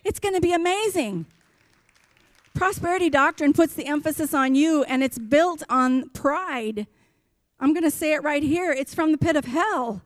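A woman's voice: sits high, dry recording, studio quality. A woman pastor preaching a sermon in a church, impassioned and emphatic, driving her points home with repetition.

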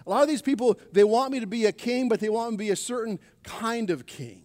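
High-voiced preacher in a reverberant hall. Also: male voice, fast, few pauses, a little mellow. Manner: preaching with call-and-response to the congregation. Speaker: pastor. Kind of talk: sermon. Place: church sanctuary. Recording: long reverb of a church hall.

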